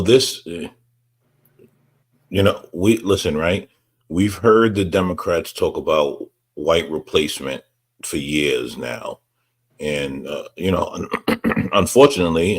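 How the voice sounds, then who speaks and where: A man speaking on a livestream panel in a halting way, restarting often. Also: a bass voice, fairly bright tone, husky. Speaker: panel guest. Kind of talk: casual panel chat.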